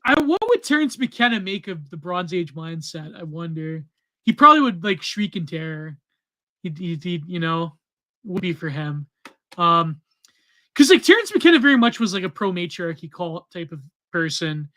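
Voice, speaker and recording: High, bright-voiced rambling male co-host. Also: big pitch swings, normal speed. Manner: rambling, filler-heavy, trails off. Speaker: podcast co-host. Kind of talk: casual chat.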